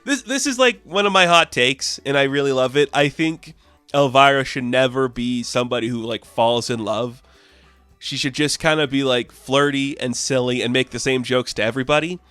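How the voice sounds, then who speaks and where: A man's voice: medium pitch, moderate pace, fairly bright tone, clean tone, dry recording, faint music behind. A man casually recapping a comic book, with laughs and loose fillers.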